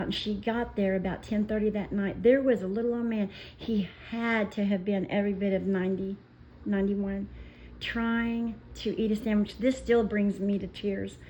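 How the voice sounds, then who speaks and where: Woman, vlogger, indignant rant, impassioned, slow, faint background noise. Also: mid-range voice, mellow, rough recording. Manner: indignant, impassioned storytelling with pauses. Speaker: commentary vlogger. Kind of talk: emotional personal rant.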